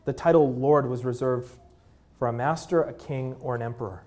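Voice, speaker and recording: A man in his thirties preaching a sermon in a conversational way, with fillers, dropping to a hushed voice at tender moments. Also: medium pitch, moderate pace. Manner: drops to a hushed voice at moving moments. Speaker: pastor.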